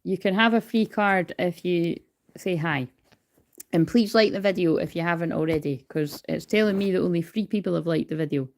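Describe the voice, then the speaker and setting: A woman's voice: on the low side, moderate pace. Hyper, chatty woman reading cards. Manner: chatty, swears freely, calls herself hyper. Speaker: tarot card reader. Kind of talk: casual livestream card reading. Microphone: phone.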